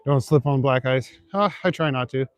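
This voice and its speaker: A man's voice: medium pitch, moderate pace, no room sound. A young man chatting casually with viewers while walking city streets at night, rambling and chuckling with lots of fillers. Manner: laid-back, chuckling, rambling with many fillers. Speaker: livestreaming vlogger. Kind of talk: casual chat, reading and answering viewer comments.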